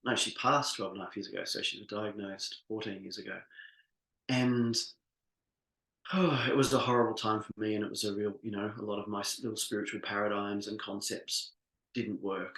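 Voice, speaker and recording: A middle-aged man coaching a live workshop, earnest and heartfelt, who often stops and restarts his sentences. His voice sits fairly low. The room has a noticeable echo. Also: a bit bright. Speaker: business coach. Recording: echoey room.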